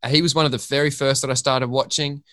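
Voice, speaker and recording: A man's voice: medium pitch, flat delivery, fast, a bit bright, no room sound. An Australian man, a podcast guest, rambling through a story in casual chat and swearing freely.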